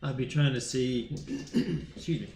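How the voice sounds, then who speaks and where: A man's voice: medium pitch, measured pace, creaky, darkish tone, faint music behind. Matter-of-fact man playing a tabletop game. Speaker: player. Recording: roomy with faint noise.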